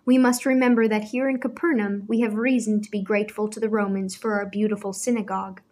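Woman doing a stern older father, commanding, measured, severe, storybook reading. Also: medium pitch, level tone, darkish tone, natural voice. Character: stern older Jewish father, grave and authoritative.

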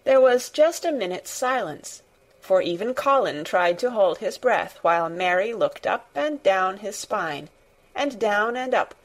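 A woman reading a children's storybook aloud, unhurried and measured. Her voice sits at a middling pitch and moves along slowly and deliberately. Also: animated. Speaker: reader. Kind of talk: audiobook narration.

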